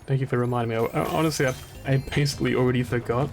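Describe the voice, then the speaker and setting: A man's voice: mid-range voice, rapid-fire, vocal fry, over music. A man from England streaming a video game, rambling through stories and laughing often. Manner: rambling and animated, laughs often, many restarts. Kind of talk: casual gaming commentary.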